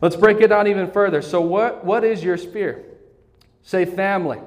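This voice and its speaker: A man's voice: high-pitched, normal speed. A man preaching a sermon as pastor, calling on the congregation to repeat phrases back to him. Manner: call-and-response preaching, asks congregation to repeat. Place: church sanctuary. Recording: church hall reverb.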